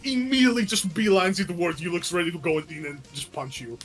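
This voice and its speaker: A man's voice: high-pitched, fast talker, few pauses, soft background music. A man narrating as game master of a tabletop game, in a casual, hesitant way with frequent swearing and laughs.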